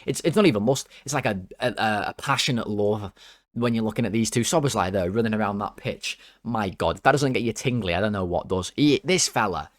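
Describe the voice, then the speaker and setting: A man hosting a football fan channel, giving casual player ratings in an excitable, jokey and rambling way. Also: on the low side, fairly quick, dry recording, clean studio sound.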